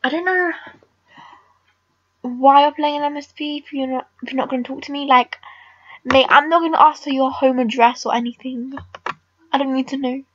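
High-voiced teen girl rambling over gameplay. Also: steady tone, normal speed, pauses often, a bit bright, no echo, highs cut off. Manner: rambling, blunt, frequent "like" fillers. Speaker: gamer vlogger. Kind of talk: casual game commentary.

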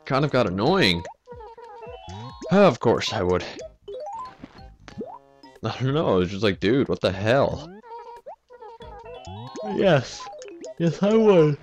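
Laughing let's play man, lively pitch. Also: slow, long pauses, muffled recording, soft background music. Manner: self-mocking, laughs often at his own mishaps. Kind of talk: casual gameplay commentary.

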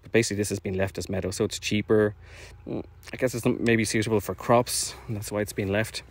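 A man with a slightly low voice talks casually outdoors as he walks. He is a little out of breath and rambles, using plenty of fillers and self-deprecating asides. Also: fairly even intonation, fast talker, husky. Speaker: orchard project owner streaming drone flights. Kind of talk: casual live-stream vlog narration. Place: outdoors in fields.

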